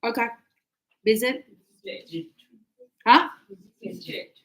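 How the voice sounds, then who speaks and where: A woman teaching an English grammar lesson to a class, animated and teasing, acting out her students' replies. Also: fairly high pitch, extremely slow.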